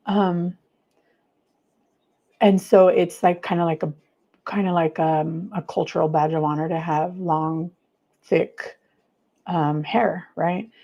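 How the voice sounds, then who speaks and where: A woman's voice: lowish voice, steady tone, takes it slowly, pauses often, warm tone, dull audio. Chatty woman hosting a livestream. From United States. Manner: chatty, gushing, many fillers, reads viewer comments aloud. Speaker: livestream host. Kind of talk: casual livestream chat.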